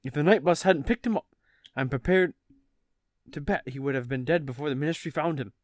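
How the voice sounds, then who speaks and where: Brief: earnest, fretting wizard dad in a shaky Irish-Scottish-tinged British accent, a man reading aloud; fairly high. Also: a little fast, dry recording, clean studio sound, natural voice. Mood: worried. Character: Arthur Weasley, worried middle-aged wizard father. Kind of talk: casual podcast table read.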